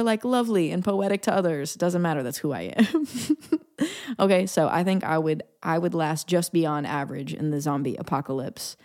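A woman's voice: fairly low pitch, a little mellow. A woman in her thirties hosting a casual solo podcast, talking playfully, laughing often and dropping into whispered asides. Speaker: podcast host.

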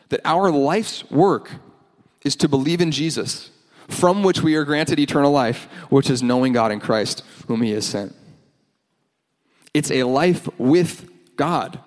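A pastor preaching a sermon in earnest, with playful asides, in a church. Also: male voice, a little high. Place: church hall with band. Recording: long hall reverb, faint music.

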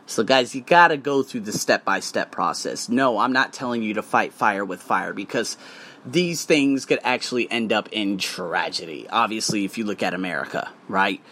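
A man hosting his own podcast, ranting bluntly and profanely with loud emphatic bursts and quieter asides. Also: normal speed. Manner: hype, swinging between loud and low asides. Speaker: podcast host. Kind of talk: solo podcast rant.

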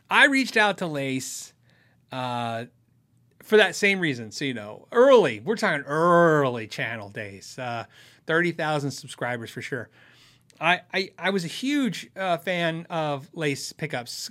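A man's voice: fairly high pitch, pushed and bright. A man hosting a casual live chat, reading viewer questions aloud and rambling candidly, with frequent self-interruptions. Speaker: host of a gear channel livestream.

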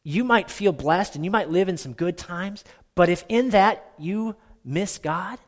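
Pastor, man from Minnesota, animated and self-deprecating, slightly high voice. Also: measured pace. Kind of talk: sermon.

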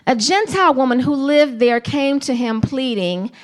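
A woman preaching a sermon to a congregation, earnest and emphatic, with slow, deliberate phrasing. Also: high-pitched, lively intonation.

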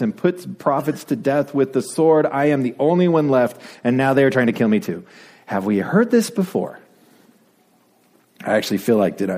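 Male preacher, lively delivery, slightly husky tone, playful whispered asides. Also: medium pitch. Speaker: pastor. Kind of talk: sermon.

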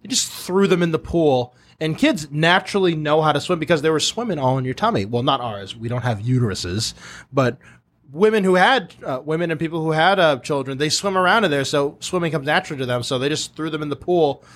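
Guy hosting a podcast, talks super fast, slightly high voice, keeps doing little voices in his stories. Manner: animated storyteller who acts out voices. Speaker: podcast host. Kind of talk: casual chat.

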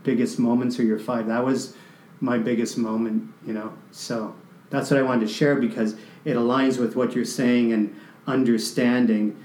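Man, from canada, emotional storytelling, halting restarts, echoey room. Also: medium pitch, warm tone. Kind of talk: personal storytelling.

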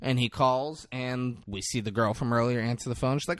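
An animated man in casual podcast chat, walking through a film scene beat by beat and swearing as he goes. His voice sits at an everyday middle pitch. It is recorded close and dry, with no room sound. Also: brisk, no room sound. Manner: animated storyteller, swears freely, acts out quotes. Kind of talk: casual movie recap chat.

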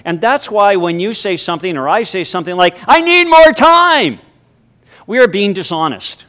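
A male pastor giving a sermon, moving from a hushed, reverent prayer into emphatic preaching with deliberate, drawn-out stresses. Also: high voice. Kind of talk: spoken prayer.

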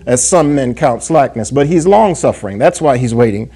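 A man preaching a sermon who reads scripture in old-fashioned wording and keeps checking in with the congregation with "yes?" and "amen?". He slows down to stress key words. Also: mid-range voice, lively intonation, dark tone, breathy edge. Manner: call-and-response asides, frequent "yes?" and "amen?"; reads scripture aloud in King James wording. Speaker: pastor.

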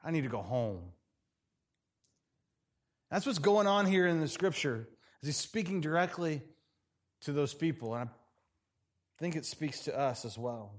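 A male pastor preaching a sermon in a church, dramatic, swinging from loud passages to hushed ones. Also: on the high side, normal speed.

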